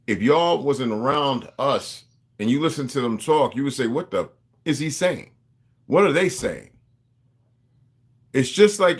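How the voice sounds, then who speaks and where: Husky guy just rambling on to his viewers, keeps restarting and going off on tangents. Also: a little high, fairly bright tone. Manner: digressive, many restarts and asides to viewers. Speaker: vlogger. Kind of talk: rambling casual monologue.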